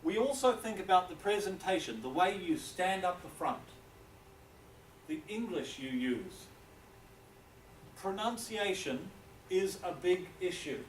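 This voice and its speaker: A male lecturer with a New Zealand accent talks slowly and deliberately in a slightly high voice. He checks in with his listeners again and again. The recording comes from a distant mic in an echoey room, with faint background hiss. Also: expressive. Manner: deliberate, checks in with frequent "okay?". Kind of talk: classroom lecture.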